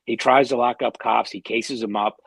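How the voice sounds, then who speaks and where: A man's voice: medium pitch, steady tone, normal speed, gravelly, breathy edge, no echo. A man co-hosting a podcast, talking bluntly and heatedly with heavy swearing. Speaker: podcast co-host. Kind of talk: casual podcast chat.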